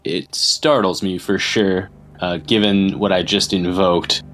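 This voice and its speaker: A man playing a tabletop game, describing his character's actions in a measured way. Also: low voice, fairly even intonation, a bit bright. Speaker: player.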